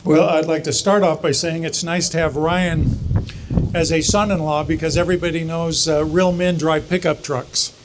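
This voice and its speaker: Middle-aged man, father of the bride, high pitch, joking, halting with fillers, reception speech on handheld mic. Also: fairly even intonation, background noise. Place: wedding reception hall.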